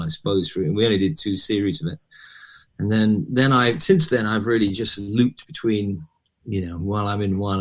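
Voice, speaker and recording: A middle-aged man, an actor as guest, telling animated stories in a relaxed interview and acting out what others said. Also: fairly low pitch. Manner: animated storyteller, quotes people in lively voices. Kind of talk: conversational interview.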